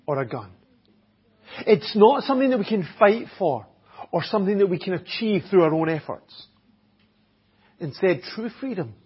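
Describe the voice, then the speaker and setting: Pastor, conversational sermon delivery; husky, a little high; dull church recording. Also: male voice. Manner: conversational preaching, with "eh" fillers and Bible reading. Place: church hall.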